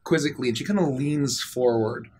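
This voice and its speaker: A man narrating a tabletop game as game master, describing scenes in a relaxed way. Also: mid-range voice, brisk, a little hiss or hum.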